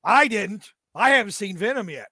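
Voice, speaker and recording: A man's voice: sits high, expressive, normal speed, pushed and bright, no echo, studio quality. A middle-aged man co-hosting a fan podcast, rambling and ranting with many fillers. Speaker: podcast co-host. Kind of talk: casual fan podcast chat.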